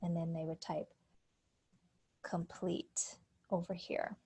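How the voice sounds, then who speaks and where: A woman's voice: medium pitch, fairly even intonation, moderate pace. A woman in her forties, a speech-language pathologist, presenting teaching activities to teachers on a computer call in a friendly, explanatory way. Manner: friendly, explanatory, with frequent fillers. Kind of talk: conference presentation, screen-share walkthrough.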